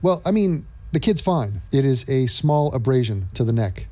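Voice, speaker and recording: Male vlog commentator, sarcastic and mocking, with an animated, warm voice. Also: mid-range voice, moderate pace.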